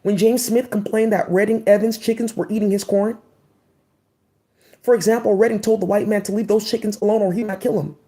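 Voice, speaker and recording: A woman's voice: medium pitch, steady tone, a little fast, mellow. A woman vlogger reading old court cases aloud and breaking off into loose, slangy asides. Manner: reads a passage, then reacts in loose slangy asides. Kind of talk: reading aloud with casual commentary.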